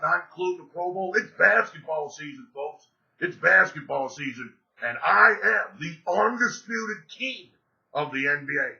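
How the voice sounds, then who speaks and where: A man's voice: sits high, vocal fry, bright, forceful tone. A man giving sports betting picks in a boastful, profane, swaggering monologue. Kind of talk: brash betting-pick monologue. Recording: dull lo-fi recording.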